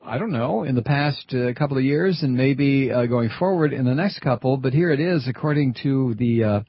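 A man's voice: medium pitch, normal speed, slightly rough, highs cut off. A middle-aged man hosting a radio talk show, rambling and wry, digressing between topics. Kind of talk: casual talk radio chat. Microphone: studio microphone.

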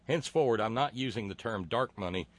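Sardonic low-voiced male talk host. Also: animated, dry recording. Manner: sardonic, mocking, profane; halting, frequent filler words. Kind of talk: political commentary reading listener comments.

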